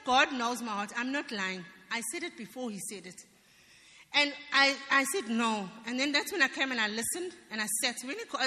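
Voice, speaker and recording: A woman stands in church giving her personal testimony, earnest and emphatic. Her voice sits fairly high and sounds bright and sharp. The sound carries a long reverb from the church hall.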